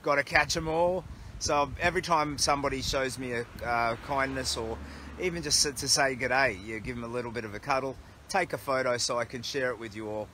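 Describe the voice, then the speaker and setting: A man's voice: medium pitch, fairly even intonation, a little fast, sharp tone, a little hiss or hum. An Australian man chatting casually on a livestream outdoors by a road, reading viewer comments aloud in an upbeat way. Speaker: charity walker livestreaming. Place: outdoors by a road, resting against a tree.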